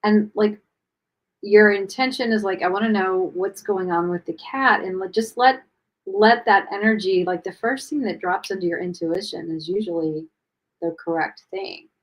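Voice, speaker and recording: Woman host, casual and rambling, mid pitch, at home. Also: normal speed, rough recording. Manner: chatty, rambling, many fillers and restarts. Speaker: podcast host. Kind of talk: casual chat. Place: at home with her cats.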